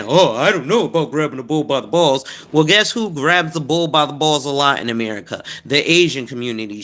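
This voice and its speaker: A man in his thirties or forties talks through insurance advice in a blunt, rambling monologue full of profanity. His voice is bright and forceful, at an average pitch for a man. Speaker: insurance advisor host. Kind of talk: casual monologue.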